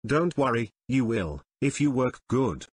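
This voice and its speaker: A man's voice: medium pitch, sing-song, a little slow, breathy edge, no echo. A man playing a scheming restaurant chef.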